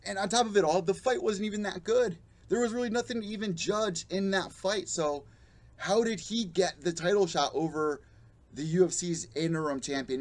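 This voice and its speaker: A young adult man hosting a live MMA show, ranting bluntly and profanely and mocking the fighters he quotes. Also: fairly high pitch. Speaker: podcast host. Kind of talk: live-streamed MMA commentary rant.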